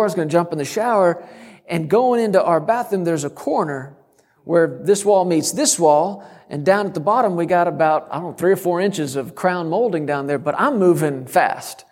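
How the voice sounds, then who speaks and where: A middle-aged man preaching a sermon, telling a story and breaking into sudden loud shouts. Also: a little high, long reverb tail. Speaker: guest preacher.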